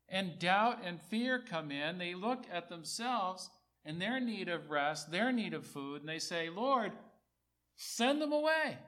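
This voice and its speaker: A man preaching a sermon, repeating key phrases for emphasis, rising on quoted words and dropping low on asides. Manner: rises high and loud on quoted speech, drops low on asides.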